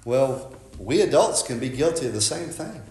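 A man's voice: mid-range voice, sing-song, normal speed, a little mellow, roomy sound. A man preaching a sermon as a pastor, conversational and folksy, often asking "right?" and restarting his words.

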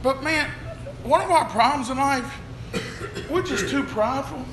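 A man preaching a sermon, swinging between shouts and hushed tones. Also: very high-pitched, expressive, unhurried. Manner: shouts and drops to a hush, preacher cadence. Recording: echoey room with faint noise.

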